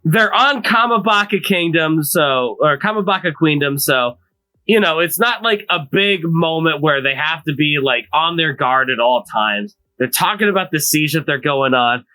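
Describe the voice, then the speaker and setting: A podcast co-host in casual chat, talking slowly and playfully. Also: medium pitch, expressive, pushed and bright, poor audio.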